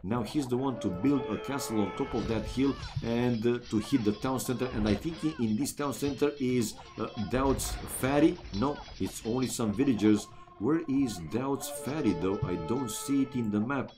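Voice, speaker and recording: A man's voice: medium pitch, normal speed, music in the background. A man from Romania casting a strategy game match live, chatting casually with his viewers and calling them "man" and "guys". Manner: chatty, talks straight to chat viewers, many "uh" and "man". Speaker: esports caster.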